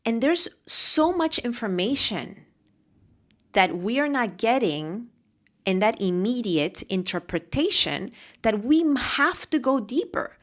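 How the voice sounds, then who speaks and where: A woman's voice: a little high, very animated, slow, fairly bright tone. A woman hosting a solo motivational podcast, talking with passion and often repeating phrases for emphasis. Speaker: podcast host and mentor.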